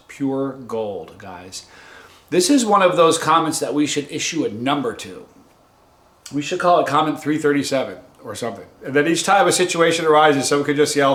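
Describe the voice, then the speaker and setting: A man's voice: medium pitch, animated, normal speed, a bit bright. A man hosting his own vlog, chatting casually to his viewers and telling jokes in a chatty, playful manner. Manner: joking, chatty storyteller. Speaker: vlog host. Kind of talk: casual talk to camera. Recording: roomy echo with faint noise.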